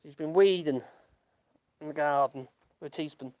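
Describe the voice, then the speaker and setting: A man's voice: on the high side, moderate pace, a little mellow. A man from the United Kingdom, hosting a casual live-stream chat and reading out viewer comments. He rambles in a self-deprecating way, chuckles often and restarts his sentences a lot. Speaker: YouTube channel host. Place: at home in rural France.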